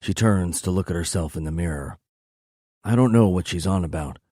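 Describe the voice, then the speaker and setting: A man reading a first-person romance novel aloud in a low, intimate, measured delivery. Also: mellow, no echo, clean studio sound. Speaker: audiobook narrator.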